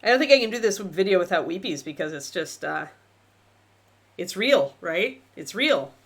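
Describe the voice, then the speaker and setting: A woman's voice: fairly low pitch, lively intonation, moderate pace, breathy edge. A woman hosting a live-streamed miniature painting lesson, chatting informally and thinking aloud as she paints.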